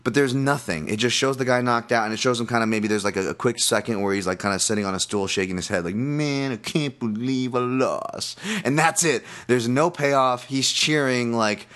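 A man hosting a fight-analysis podcast, ranting with lots of swearing and restarts, then settling into a calmer betting breakdown. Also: mid-range voice, a little fast, few pauses. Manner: profane, animated ranting with many restarts. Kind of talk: casual ranting podcast talk.

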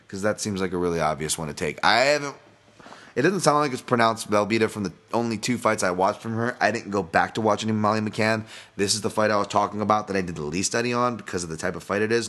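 Low, bright-voiced man rambling casually. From Boston. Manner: rambling, profane, self-interrupting. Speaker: podcast host. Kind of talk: casual solo podcast breakdown.

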